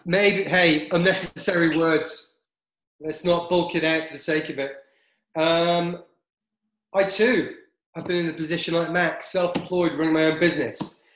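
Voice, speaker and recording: A man's voice: fairly high pitch, steady tone, unhurried, a bit bright. A man hosting a casual podcast chat, rambling and hesitant with lots of fillers. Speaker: podcast host. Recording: echoey room.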